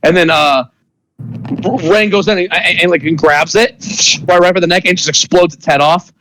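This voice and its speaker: A man narrating as game master of a tabletop game, talking in a rambling, halting way with many restarts and fillers. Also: sits high, a bit bright, a little hiss or hum, low-quality recording.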